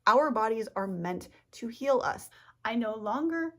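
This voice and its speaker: A woman's voice: on the high side, animated, a little slow. A woman talking to camera in a casual rambling monologue as a self-help vlogger, tripping over her words, losing her train of thought and giggling.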